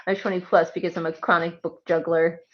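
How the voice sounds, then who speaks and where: A woman's voice: lowish voice, little pitch movement, a little fast, muffled recording. A woman chatting casually on a live stream from her home, rambling and laughing often. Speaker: streamer and writer. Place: home with pets.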